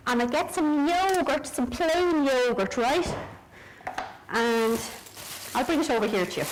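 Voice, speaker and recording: A middle-aged Irish woman talking straight to the viewer in a loose, rambling way. She keeps cracking jokes at her own expense. Her voice sits a little high for a woman. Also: animated, a little slow, background noise. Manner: rambling, jokey and self-mocking, talks straight to the viewer. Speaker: author showing her home. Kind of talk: casual chatty video diary. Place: own home, indoors, moving between rooms.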